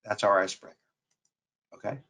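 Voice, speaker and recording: A man's voice: lowish voice, brisk, pushed and bright. A man with a New York accent giving a webinar lecture on sales calls, repeating key points with emphasis. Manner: repetitive, emphatic coaching delivery. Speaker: marketing professor.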